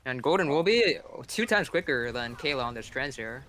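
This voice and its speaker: A male esports co-caster speaking over a headset in a mid-range voice. He stays calm and analytical, explaining the teams' choices during a live match. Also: mid-range voice, normal speed, slight background noise.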